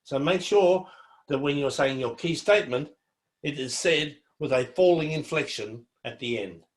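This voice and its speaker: Higher-voiced encouraging male presenter. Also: expressive, moderate pace, reverberant. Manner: friendly, encouraging, conversational. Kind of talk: seminar presentation.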